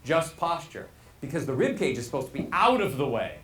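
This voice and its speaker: A man teaching a live workshop as a voice coach, animated and demonstrative, asking his audience questions. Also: fairly high pitch, a little fast. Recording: roomy echo, faint hall ambience.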